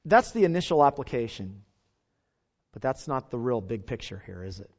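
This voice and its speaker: A man's voice: mid-range voice, sing-song, moderate pace, a little mellow. A male pastor, preaching an earnest sermon and putting rhetorical questions to his congregation, on a dull lo-fi recording.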